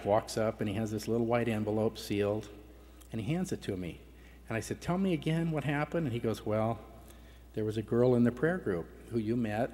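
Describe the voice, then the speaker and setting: A man's voice: on the low side, dark tone. Man telling a personal story in a reverberant hall. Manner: emotional, voice breaking at times. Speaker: conference speaker. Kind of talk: personal testimony talk. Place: large conference hall.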